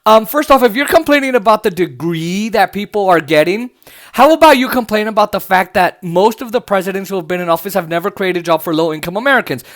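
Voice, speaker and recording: High-voiced man ranting angrily. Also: expressive, fast talker, a bit bright. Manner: angry, profane, mocking rant with laughs. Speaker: podcast host. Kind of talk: political commentary podcast, reacting to clips.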